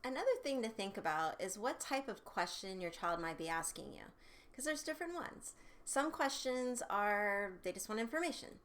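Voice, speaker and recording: A woman's voice: medium pitch, animated, moderate pace, fairly bright tone. A woman sexual health educator giving upbeat, conversational parenting advice straight to camera, with casual fillers.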